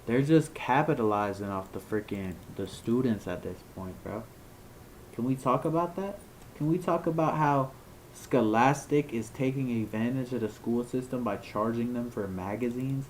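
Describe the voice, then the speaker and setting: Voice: mid-range voice, moderate pace, a little hiss or hum, low-quality recording. A young adult video creator reacting to things on screen in a slangy, incredulous rant, swearing casually as they go.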